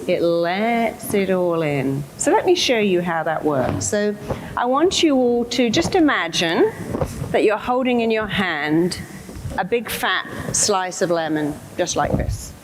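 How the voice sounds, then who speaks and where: A woman's voice: mid-range voice, sing-song, measured pace, noisy background. A woman therapist giving a motivational talk to an audience, speaking emphatically and acting out the inner voices of her listeners.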